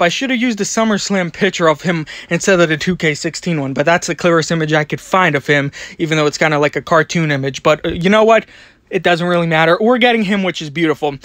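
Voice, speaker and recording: A man talking excitedly and out of breath in a rambling voiceover about toys, repeating himself as he goes. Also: high voice, no echo. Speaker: toy collecting vlogger.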